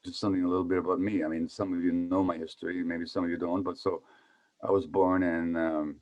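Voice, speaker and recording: Older male physician speaker, low-pitched, chatty lecturing style that poses questions to the listeners. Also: level tone, fast, darkish tone. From Hungary. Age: 70s. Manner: conversational, asks the audience questions. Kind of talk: public talk on trauma.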